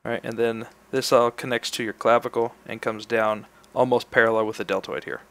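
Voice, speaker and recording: A man's voice: mid-range voice, fairly quick. A man in his thirties talking casually as he teaches an anatomy sculpting demo, explaining step by step as he works. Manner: relaxed, explains while demonstrating. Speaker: art instructor.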